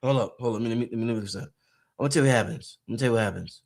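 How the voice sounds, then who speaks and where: A man's voice: medium pitch, racing, gravelly. A man giving an emphatic, repetitive, profane spiritual pep talk as a podcast host.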